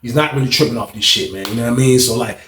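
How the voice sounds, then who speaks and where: A man telling a story in a casual monologue, slangy and animated, often checking in with his listeners. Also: mid-range voice, rapid-fire, reverberant, a little hiss or hum. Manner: slangy, animated, repeats "you know what I mean".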